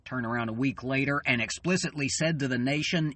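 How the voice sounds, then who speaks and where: A man in an angry, swearing political rant, tired and fuming, halting and then bursting out loud. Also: medium pitch, no room sound. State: weary and fuming. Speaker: channel host.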